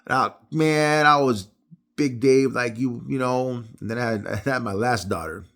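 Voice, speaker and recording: A middle-aged man giving a casual Bible devotional talk, telling personal stories with animated, rising delivery. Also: a little slow. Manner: animated storytelling, jumps high when acting out others. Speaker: preacher.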